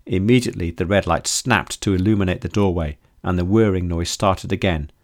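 A man reading his own story aloud as narrator, in a steady, measured delivery. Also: sits low. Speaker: author and narrator. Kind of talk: scripted audiobook narration.

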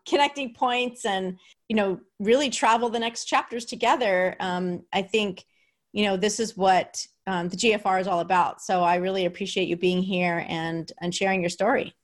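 A woman hosting a podcast, chatting enthusiastically with many fillers and restarts. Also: mid-range voice. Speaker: podcast host. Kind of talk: casual podcast chat.

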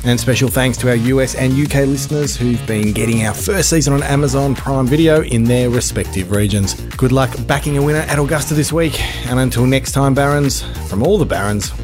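Podcast host over background music. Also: male voice, mid-range voice, brisk, few pauses. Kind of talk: casual chat and scripted sign-off.

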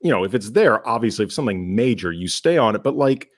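Relaxed man hosting a podcast. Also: lowish voice, fast. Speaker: host. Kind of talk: casual chat on a radio podcast.

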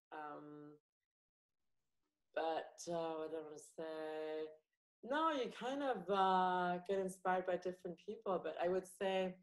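A woman in her thirties with an international English accent, a comedian chatting casually in an interview, full of fillers and animated storytelling. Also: lowish voice, low-quality recording. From France. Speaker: guest comedian.

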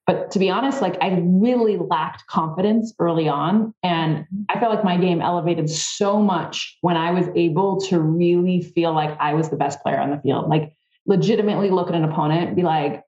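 A woman guest on a podcast, telling a story in a casual, animated way with a lot of "like". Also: lowish voice, normal speed, reverberant, lo-fi sound. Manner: animated, fillers with "like", acts out her own thoughts. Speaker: podcast guest, former softball player.

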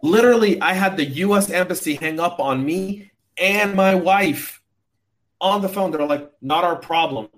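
A man's voice: high-pitched, moderate pace, a bit bright. A man from California on a casual livestream, ranting with emphatic sarcasm. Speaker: podcast host and guest co-host.

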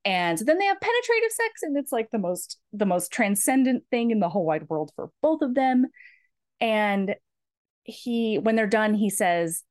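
A woman podcast host retelling a book plot in casual, animated chat, full of 'like'. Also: a little high, normal speed. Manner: animated, chatty, many fillers of 'like'.

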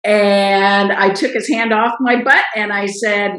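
Animated woman telling stories, roomy sound. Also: mid-range voice, slow. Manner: animated storyteller, acts out quoted voices. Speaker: guest. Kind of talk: casual interview storytelling.

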